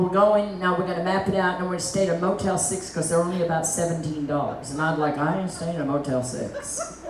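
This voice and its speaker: A middle-aged woman evangelist gives a lively testimony sermon, full of folksy asides. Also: fairly low pitch, a little hiss or hum. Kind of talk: testimony preaching. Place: church meeting hall. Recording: echoey hall, mic at a distance.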